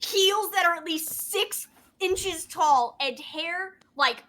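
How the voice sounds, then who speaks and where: A woman's voice: very high-pitched, slow, a bit bright, a little hiss or hum. A woman commentating a live game tournament in casual chat, playful and teasing, laughing often.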